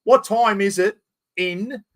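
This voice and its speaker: A man's voice: high-pitched, takes it slowly, a bit bright. An Australian man hosting a casual live-stream chat, friendly and talkative, calling everyone mate. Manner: chatty, calls everyone mate. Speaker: host.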